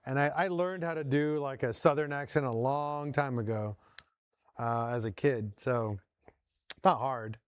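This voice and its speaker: A man's voice: mid-range voice, measured pace, clean tone, no room sound. A man hosting a casual workshop vlog from his home garage shop, talking viewers through each step as he works. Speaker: host.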